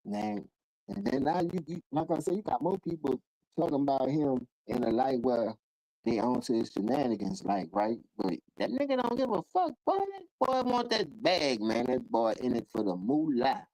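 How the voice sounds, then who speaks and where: A man hosting a live call-in show, riffing in rough, profane street talk. His voice sits dark and mellow most of the time, then leaps into sudden high bursts whenever he acts out someone else. The sound is dry, with no room echo. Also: big pitch swings, moderate pace. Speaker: livestream host. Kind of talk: casual ranting commentary.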